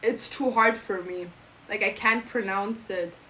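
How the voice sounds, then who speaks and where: A woman's voice: mid-range voice, steady tone, a little slow, sharp tone, slight background noise, rough recording. A young woman streamer with a German accent, chatting playfully and reading out her live chat. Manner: playful, jokey, switching into silly mock phrases.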